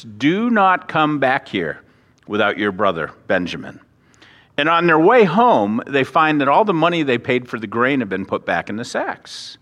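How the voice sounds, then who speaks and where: A man preaching a sermon as a pastor, conversational with self-deprecating asides and acting out the characters' voices. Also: fairly high pitch. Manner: animated, acts out the characters' voices. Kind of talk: expository sermon. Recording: reverberant hall.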